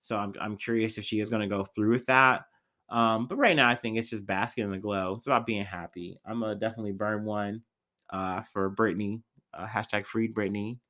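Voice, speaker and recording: A man's voice: fairly low pitch, steady tone, fairly quick, bright, forceful tone. A young man hosting a casual podcast, rambling loosely with lots of fillers and swearing. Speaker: podcast host. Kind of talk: casual solo podcast chat.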